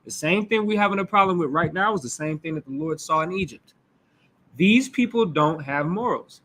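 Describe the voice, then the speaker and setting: A man's voice: a little high, lively intonation, normal speed, fairly bright tone. A man leading a Bible class, preaching in a blunt, emphatic way with crude language.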